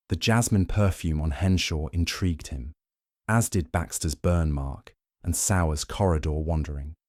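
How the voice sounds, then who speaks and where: A man narrating a mystery audiobook in a measured, even storytelling manner. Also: deep voice, no room sound, clean studio sound.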